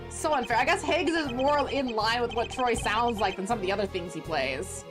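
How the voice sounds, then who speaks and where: A young woman chatting excitedly while streaming a game, over game music. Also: fairly high pitch, normal speed, hardly any pauses. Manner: chatty and excitable, reacts aloud. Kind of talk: casual gameplay commentary. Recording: game music playing under the voice.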